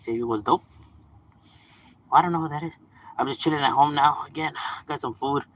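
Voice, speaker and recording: A young man from Southern California chatting casually on a live stream, relaxed, swearing and laughing often. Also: fairly high pitch, brisk. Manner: laid-back, laughs often, drops swear words and slang. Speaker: livestream gaming host.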